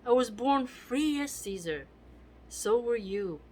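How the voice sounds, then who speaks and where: A woman reading aloud as a scheming, envious Roman nobleman, in a measured recitation. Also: fairly high pitch, animated, darkish tone, low-quality recording. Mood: resentful.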